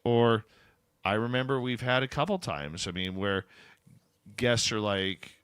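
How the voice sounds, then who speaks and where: Male radio host, bright close dry sound, chatty and informal, upbeat promo reads. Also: fairly low pitch, unhurried, smooth, dry recording. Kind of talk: casual radio chat and show promos.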